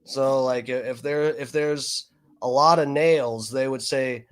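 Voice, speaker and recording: A man's voice: medium pitch, fairly even intonation, slow, smooth. A man streaming casual commentary over videos, rambling and profane, with many fillers.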